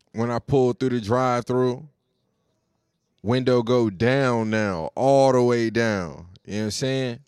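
A man's voice: mid-range voice, clear, resonant tone, dry recording, clean studio sound. A man hosting his own podcast solo, chatting in a laid-back, slangy way with plenty of cursing. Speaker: podcast host. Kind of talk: casual solo podcast chat.

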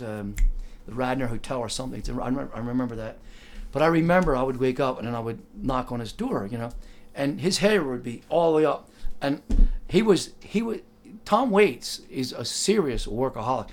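An older man telling a casual, rambling anecdote, full of "like" and "you know" and acting out the other voices in his story. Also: medium pitch. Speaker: storyteller recalling working as a driver.

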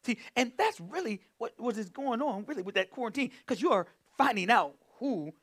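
A male pastor preaches with a high, ringing voice that leaps all over the scale. He is fervent, bursting into exclamations and hums between points, and keeps calling on his listeners to respond. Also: big pitch swings, normal speed, a bit bright. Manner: calls on the congregation to respond. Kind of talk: sermon.

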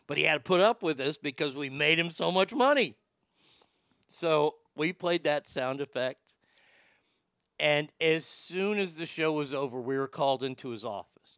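Gravelly, bright-voiced male ex-radio host. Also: fairly high pitch, no room sound, clean studio sound. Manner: animated, swearing freely, laughing. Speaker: former radio host reading viewer comments. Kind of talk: casual storytelling livestream.

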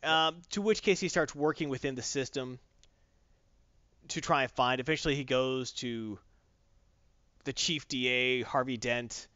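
A man in casual chat, retelling a comic story in a rambling, animated way with lots of fillers. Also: mid-range voice, measured pace, long pauses, clean tone, no echo, lo-fi sound.

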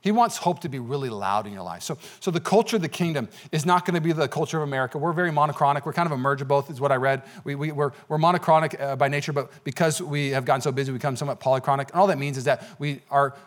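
A man's voice: mid-range voice, racing, few pauses. A man preaching a sermon as pastor in a church, talking conversationally with frequent "okay?" asides. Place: church sanctuary.

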